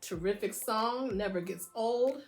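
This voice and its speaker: A woman's voice: fairly high pitch, a little slow, faint music behind. A middle-aged woman casually showing off her vinyl singles, enthusiastic and gushing, now and then singing a line along. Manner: enthusiastic, gushing, breaks into short sung snippets. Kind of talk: casual record show-and-tell.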